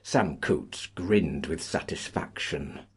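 Deep breathy-voiced male storyteller. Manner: measured, expressive storytelling. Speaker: narrator. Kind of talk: audiobook narration.

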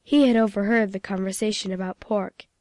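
A woman narrating a classic storybook in a clear, measured reading. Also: medium pitch, steady tone, darkish tone, dry recording.

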